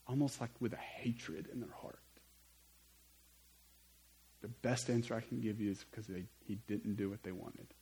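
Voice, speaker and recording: A man preaching a sermon, telling stories in an animated way with conversational asides. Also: fairly low pitch, normal speed, long pauses, poor audio. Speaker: pastor.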